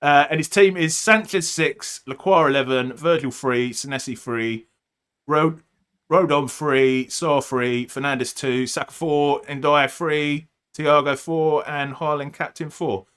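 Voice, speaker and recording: Man, podcast host, casual rambling chat, bright tone, slightly high voice. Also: a little slow, clean tone. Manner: chatty, joking, lots of ums and uhs.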